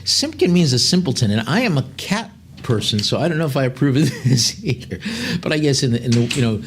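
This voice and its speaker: A man working as an auctioneer, rattling off bids quickly and breaking into chatty, joking descriptions of each lot. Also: medium pitch, very animated, a little hiss or hum. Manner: rapid bid calling mixed with chatty, joking asides. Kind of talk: live auction calling with item descriptions.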